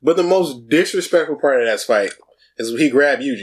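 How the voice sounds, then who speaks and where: A young man co-hosting a casual anime podcast, excitedly quoting characters in put-on voices. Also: medium pitch, fairly quick, slightly rough. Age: young adult. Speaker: podcast co-host.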